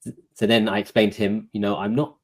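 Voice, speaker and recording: A man's voice: fairly low pitch, fast talker, breathy edge. A man talking casually as a guest, recounting a court visit with lots of fillers like "you know". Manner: relaxed, filler-heavy, recounting a court dialogue. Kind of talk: casual conversational storytelling.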